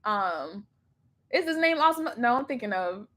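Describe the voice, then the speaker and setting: A young woman chats on a livestream, rambling, laughing and swearing casually. Her voice sits fairly high and swings widely. She talks at a slow, unhurried pace into a laptop mic. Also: big pitch swings, a bit bright. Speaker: livestream reaction host.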